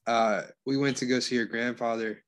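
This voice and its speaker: A man's voice: mid-range voice, steady tone, normal speed. Profane, easygoing man telling stories. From Florida, USA. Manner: profane, storytelling, says dude a lot. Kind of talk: casual crude banter.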